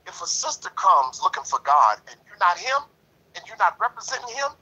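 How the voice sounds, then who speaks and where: A man's voice: high voice, sing-song, fairly quick, bright, forceful tone, husky, lo-fi sound. A man in a lodge discussion talking in a preachy, emphatic way, repeating himself and leaning on "you know". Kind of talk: passionate casual discussion.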